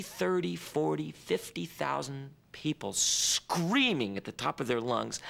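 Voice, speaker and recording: A man in an interview, telling his story in an animated way and acting out screaming fans. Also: fairly high pitch, measured pace, vocal fry, few pauses. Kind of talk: reflective interview recollection.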